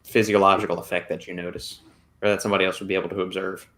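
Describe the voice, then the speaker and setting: A man's voice: low-pitched, little pitch movement, very fast, fairly bright tone. A man hosting a livestreamed podcast, easygoing, reading out viewer comments and thanking donors. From America. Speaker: podcast host. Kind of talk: casual chat, livestream hosting.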